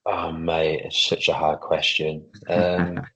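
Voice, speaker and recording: A man in his thirties, a footballer and club captain, chatting casually in a podcast interview, relaxed, with lots of fillers. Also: extremely low pitch, slow pace, husky, low-quality recording. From England.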